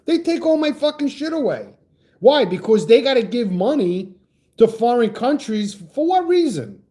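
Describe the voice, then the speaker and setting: On a livestream, a man with a high-pitched, warm voice rants heatedly about politics. He reads chat and greets viewers, stammering and restarting with profanity.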